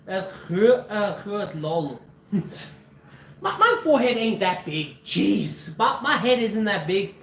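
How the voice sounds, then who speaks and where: A man's voice: high voice, sing-song, slow, a bit bright. Chatty man in an echoey kitchen. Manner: chatty, laughs often, swears casually. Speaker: cooking streamer. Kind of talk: casual cooking livestream chat. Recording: roomy echo, mic at a distance, faint background noise.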